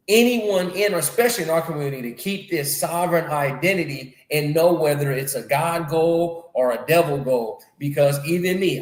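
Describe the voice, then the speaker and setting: Animated slangy man in an echoey room. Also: fairly high pitch. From North America. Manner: animated, repeats phrases, slangy. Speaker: podcast host. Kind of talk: casual conversation.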